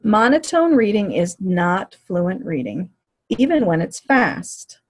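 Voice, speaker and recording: A woman giving a lecture on teaching reading, in a clear, measured, explanatory way. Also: mid-range voice, big pitch swings. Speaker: teacher educator.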